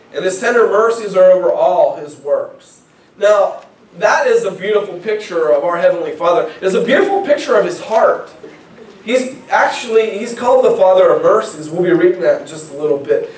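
Pastor, male, high-pitched, preaching to a congregation, heard from a distance in a roomy church. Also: expressive, normal speed, a little mellow, slight background noise. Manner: conversational, repeats words when starting phrases. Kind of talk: sermon. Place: church sanctuary. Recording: echoey church from far off.

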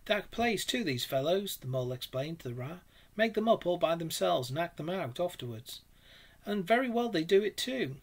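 A man's voice: high-pitched, very animated, normal speed, husky, voice pushed up, full character voice. A man reading aloud, voicing a fretful, anxious male mole in a storybook. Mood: chatty. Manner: fretful, then chatty.

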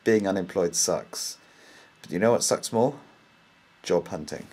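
A young British man vents to camera in a loose, rambling way, plainly exasperated. His voice sits low and has a husky edge. He talks casually, piling up complaints. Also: measured pace, darkish tone. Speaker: vlogger. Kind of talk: casual ranting monologue.

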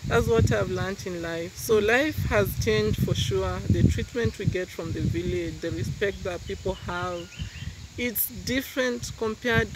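A man's voice: high-pitched, unhurried. A young man from Kenya, speaking earnestly and gratefully as the interviewee in a casual outdoor chat. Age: young adult. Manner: earnest, grateful, repeats key phrases. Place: outdoors in a rural village. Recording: noisy outdoor recording.

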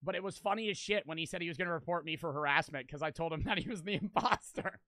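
A man in his twenties talks to his stream in a loose, rambling way, swearing freely and leaning on "like". His voice sits high and bright. It is recorded close and dry, with no room sound. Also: quick pace, no room sound. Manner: rambling, swears a lot, fills with "like". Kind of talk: casual stream chat.

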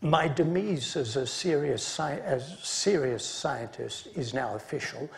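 A man delivering an academic conference lecture, his voice sitting a touch high with a gravelly edge. He speaks in a measured way and slips in dry asides between his points. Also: animated.

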